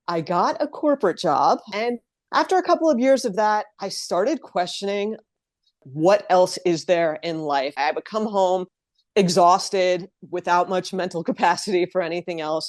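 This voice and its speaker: A chatty, lively woman in her thirties from New Jersey, talking as a podcast guest. Her voice sits on the lower side. The sound is close and dry with no room around it. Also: dry recording. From New Jersey, USA. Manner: chatty storyteller, lively and open. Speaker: guest, living-abroad blogger. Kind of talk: casual interview chat.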